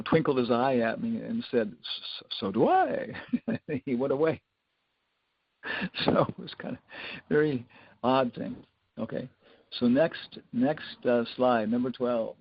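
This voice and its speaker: A man with a gravelly, husky voice gives a scripture class, drifting into rambling anecdotes full of fillers. The recording is dull and lo-fi, and the sound is dry and close. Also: medium pitch, no echo. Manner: rambling storyteller, many fillers, chuckles often. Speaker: spiritual teacher giving a scripture class.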